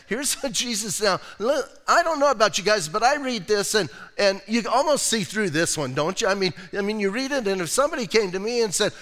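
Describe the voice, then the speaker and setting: A man's voice: high voice, lively intonation, a little fast, few pauses, a bit bright. A middle-aged man, a pastor preaching a casual sermon, telling personal stories and reading scripture aloud. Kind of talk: conversational sermon. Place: church sanctuary. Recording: long hall reverb.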